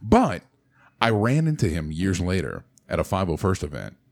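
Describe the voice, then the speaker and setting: A man's voice: low-pitched, normal speed, creaky. A man telling a story in casual podcast chat, laughing often and acting out the voices of the people in it. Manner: animated storyteller, laughs often, acts out quotes.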